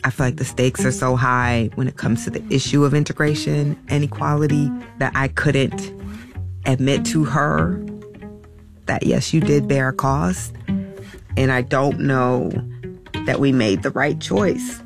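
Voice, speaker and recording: A middle-aged woman telling a personal story in a halting, emotional way, with many restarts and fillers. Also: extremely low pitch, steady tone, gravelly, music in the background. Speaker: interview guest.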